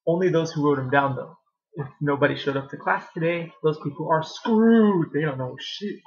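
A man's voice: on the high side, moderate pace. Rambling young man on a lo-fi webcam. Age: young adult. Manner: rambling, sarcastic, laughs often. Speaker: vlogger. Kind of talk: casual webcam vlog. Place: at home.

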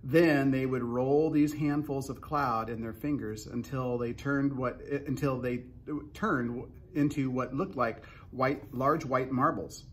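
A man's voice: medium pitch, fairly even intonation, takes it slowly, slight background noise. A man reading a children's book aloud, narrating unhurriedly with small restarts.

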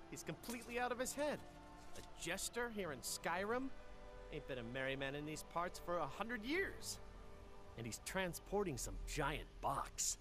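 An actor playing a grumpy, suspicious male farmer who talks in a gruff, exasperated rural drawl. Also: fairly high pitch.

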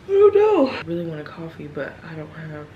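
A woman's voice: low voice, wildly swooping pitch, a little fast, highs cut off, slight background noise. A young woman vlogging casually to camera, rambling candidly with many fillers, tired and yawning. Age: young adult.

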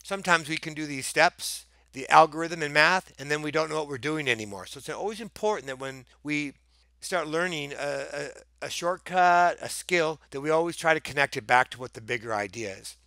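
A male teacher walks through a math lesson with playful enthusiasm, repeating the key ideas so they stick. His voice is bright and forceful, and the sound is dry and close, with no room echo. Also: fairly high pitch, lively intonation, brisk. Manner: repeats key points for emphasis.

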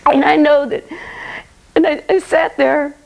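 A woman's voice: high voice, level tone, measured pace, creaky, a little mellow, poor audio. A middle-aged woman telling her personal faith testimony in an earnest, emotional way, often saying "you know". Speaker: guest sharing her testimony.

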